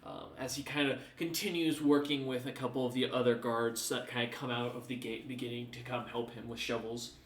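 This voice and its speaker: Rambling game master, echoey room. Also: male voice, mid-range voice, level tone, brisk, few pauses, far from the mic, a little hiss or hum. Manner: rambling, many fillers. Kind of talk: narrating a tabletop game.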